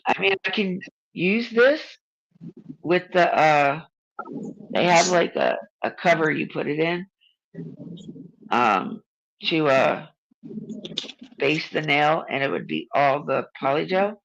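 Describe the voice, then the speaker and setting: A woman's voice: low-pitched, lively intonation, slow, creaky, pauses often, dull audio. A woman hosting a casual video chat, talking bluntly, swearing freely and teasing her friend. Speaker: channel host.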